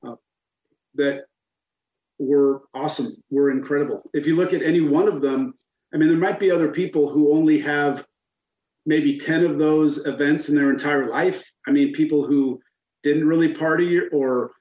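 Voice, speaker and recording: A man's voice: a little high, steady tone, moderate pace, a little mellow, muffled recording. Rambling man with an echoey sound. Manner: rambling, laughing at his own stories. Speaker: podcast guest. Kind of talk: casual storytelling.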